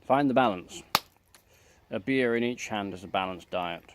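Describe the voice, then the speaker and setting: A man's voice: on the low side, normal speed. A man co-hosting a casual home vlog, making dry jokes and teasing asides. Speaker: co-host, partner in a couple's vlog. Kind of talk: casual banter.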